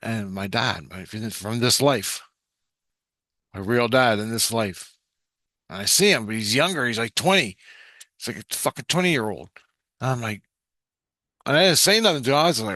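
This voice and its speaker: A foul-mouthed man tells a rambling story straight to the camera, swinging between excited bursts and low mutters. His voice sits at an ordinary middle pitch. The sound is dry and close, with no room echo. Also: normal speed, long pauses. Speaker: vlogger recounting a vision. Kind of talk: rambling spoken monologue.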